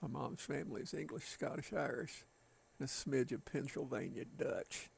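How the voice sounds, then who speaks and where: Gravelly Southern man chatting casually. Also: mid-range voice, lively intonation, moderate pace, a little hiss or hum. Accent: Southern American. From Southern United States. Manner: folksy, rambling, chatting with viewers. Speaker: game streamer. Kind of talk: casual chat with a live chat while gaming.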